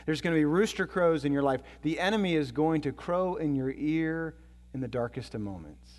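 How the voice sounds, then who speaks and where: A male pastor delivering a sermon with a fairly high voice, his words ringing through a long hall reverb. He tells stories, climbing loud and excited, then dropping to a hushed, low tone. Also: normal speed.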